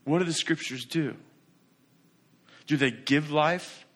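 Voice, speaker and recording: Emphatic preacher man, slightly high voice. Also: slow, a bit bright. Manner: emphatic, full of rhetorical questions. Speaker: pastor. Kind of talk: sermon.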